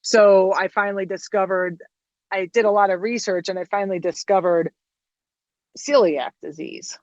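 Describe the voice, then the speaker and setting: A woman's voice: mid-range voice, normal speed, no echo, muffled recording. A woman guest in an interview, telling a long story in casual, rambling speech and acting out the dialogue. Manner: rambling, animated, acts out quoted dialogue.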